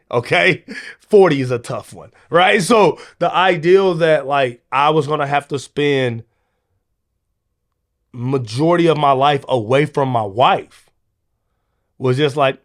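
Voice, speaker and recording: A man in his thirties from the United States hosting a motivational podcast, talking in an animated, conversational way with casual slang. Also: a little high. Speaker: podcast host.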